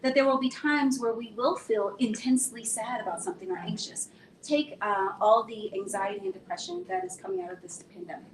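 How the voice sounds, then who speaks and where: A woman psychologist guest on a panel, explaining her points in a measured way. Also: fairly high pitch, animated, echoey room, slight background noise, low-quality recording.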